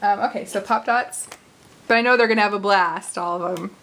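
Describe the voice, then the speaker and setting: A woman in her forties hosting a casual card-making tutorial, chatty and quick to laugh as she talks through her work. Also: mid-range voice, a bit bright, poor audio. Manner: chatty, laughs easily, thinks aloud while working. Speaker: craft video host.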